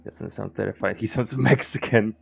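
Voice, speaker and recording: Deep gravelly man commenting on a game. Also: moderate pace, poor audio. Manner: rambling, self-correcting, swears offhand. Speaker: streamer. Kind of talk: casual gameplay commentary.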